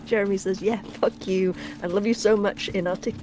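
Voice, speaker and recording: Female co-host, mid pitch, playful and giggly, reads the chat aloud. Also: steady tone, normal speed, noisy background. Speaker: stream co-host reading the chat. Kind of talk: casual game-stream chat.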